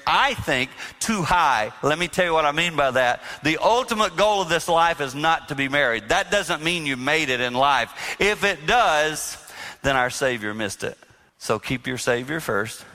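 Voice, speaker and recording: A man giving a live marriage talk to an audience, speaking emphatically and dropping to a hushed voice when he quotes himself. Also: medium pitch, big-room sound. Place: hall with audience.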